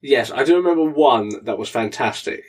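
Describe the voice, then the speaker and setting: A man's voice: medium pitch, lively intonation, a little fast, slightly rough, far from the mic. A man co-hosting a podcast, chatting casually with self-mocking humour. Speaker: podcast co-host. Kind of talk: casual banter.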